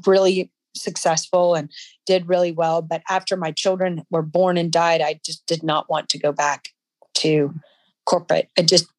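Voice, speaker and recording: A woman guest in an interview, telling a personal story in a halting, emotional way with frequent restarts. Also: fairly low pitch, level tone, no echo.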